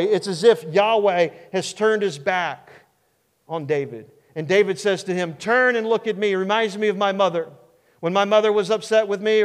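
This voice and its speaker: A male pastor preaching a sermon in an earnest, emphatic way with dramatic pauses. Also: sits high. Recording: long hall reverb.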